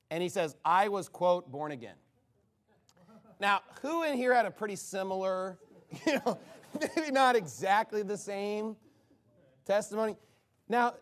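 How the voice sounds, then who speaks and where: High, lively mocking preacher man. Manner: mocking, incredulous storytelling with sarcastic asides. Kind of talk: sermon.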